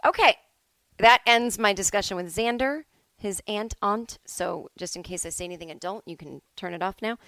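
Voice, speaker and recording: A mid-range, slightly bright female voice at normal speed carries this casual solo podcast, recorded at home. The recording is rough with no room sound, and the host rambles in a chatty way, often stopping partway through a thought.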